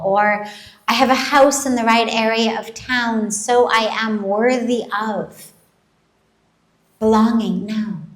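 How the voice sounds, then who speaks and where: A woman spiritual teacher giving a slow, measured, gently emphatic satsang talk to a live audience in a large event hall, her throat dry and catching on coughs. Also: on the high side. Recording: roomy echoing hall.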